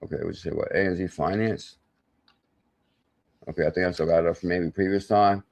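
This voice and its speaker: Excitable man hyping crypto on a stream. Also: low-pitched, a little fast, creaky. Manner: excitable and salesy, bursts of loud exclamation; thinks aloud while doing sums and checking charts. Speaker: crypto channel host. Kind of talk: live-streamed hype talk reading viewer chat.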